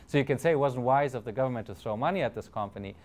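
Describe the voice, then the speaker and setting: A man with a German accent speaks at a panel in a plain middle voice, halting often and restarting his sentences. He fills pauses with ums and uhs as he works through his points. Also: mid-range voice, a little mellow. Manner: hesitant, many fillers and restarts. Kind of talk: conference talk.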